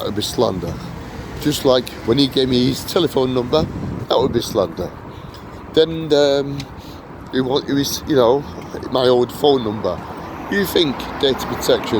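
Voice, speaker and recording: A man talking to camera outdoors, rambling and repeating himself for emphasis as he warns viewers. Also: medium pitch. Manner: repetitive, emphatic, digressive. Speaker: vlogger. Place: outdoors on a busy street. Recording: street traffic noise. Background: loud traffic.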